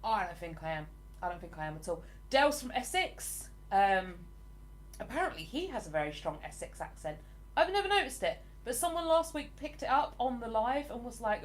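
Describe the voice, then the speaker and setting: A woman's voice: on the high side, big pitch swings, brisk. This is a woman from the south of England who hosts her own livestream. She talks in an easy, enthusiastic way, reading out comments and laughing often. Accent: southern English. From England (Hertfordshire). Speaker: livestream host. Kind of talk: casual live chat, reading viewer comments.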